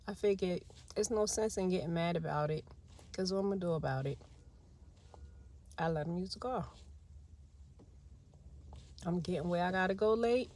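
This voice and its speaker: A woman's voice: lowish voice, darkish tone. A woman, chatting and venting to viewers in a casual vlog while stuck in traffic in her car. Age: 40s. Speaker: vlogger.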